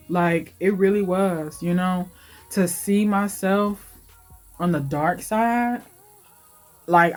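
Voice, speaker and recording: A woman in her late twenties giving an emotional, heartfelt life update in her vlog, talking in a casual, confiding way. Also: mid-range voice. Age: late 20s. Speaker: vlogger.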